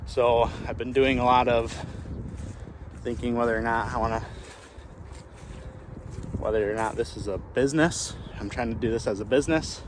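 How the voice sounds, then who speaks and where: A man's voice: medium pitch, steady tone, normal speed, pauses often, noisy background. A man who runs a small farm and hosts his own channel. He talks casually, thinking aloud with many restarts, while walking outdoors across his pasture. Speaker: small farmer and channel host.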